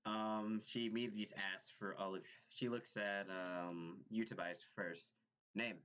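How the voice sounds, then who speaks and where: A man's voice: lowish voice, steady tone, normal speed, a bit bright, clean tone. A man narrating as game master of a tabletop game, hesitant and full of fillers and restarts. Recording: dull lo-fi recording.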